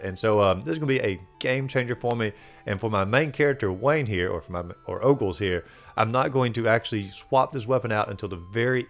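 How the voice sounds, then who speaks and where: A man rattles quickly through a recap of his video game playthrough, his voice sitting on the low side. He rambles casually and fills his sentences with "uh" and "like." Faint game music plays behind him. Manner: casual, rambling, frequent fillers. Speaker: host.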